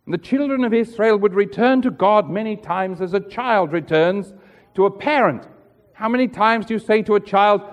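A man's voice: high-pitched, lively intonation, moderate pace, lo-fi sound. A man preaching a sermon in an earnest, rhetorical way, acting out the voices he quotes. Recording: hall reverb.

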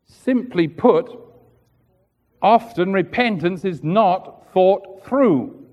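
High-voiced preacher in a reverberant hall. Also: male voice, lively intonation, extremely slow, muffled recording. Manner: earnest, rhetorical, acts out quoted voices. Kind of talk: sermon.

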